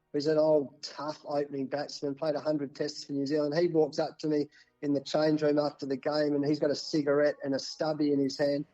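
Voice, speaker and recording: An Australian man in his fifties, a cricket coach telling stories as a podcast guest, animated and often restarting his sentences. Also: fairly high pitch, highs cut off. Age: 50s. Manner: animated, restarts often, acts out quoted exchanges. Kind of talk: casual storytelling in an interview.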